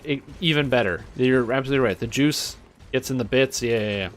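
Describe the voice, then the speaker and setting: A man's voice: mid-range voice, a little fast, a bit bright. A young man streaming a video game at home, giving casual commentary with sarcastic, profane rants. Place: apartment.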